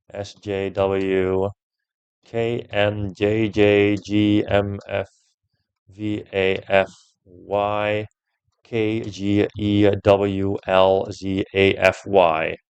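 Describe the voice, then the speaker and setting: A young man with a fairly low voice commentates a puzzle game, working it out step by step. He swears freely and gets loudly annoyed when a puzzle beats him. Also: flat delivery, very slow, clean tone, lo-fi sound. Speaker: gameplay streamer.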